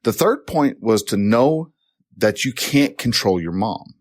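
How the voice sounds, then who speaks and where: A man hosting a podcast, giving advice in an unscripted monologue, rambling with many restarts and getting more animated when he is passionate. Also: medium pitch, a little slow, no echo, clean studio sound.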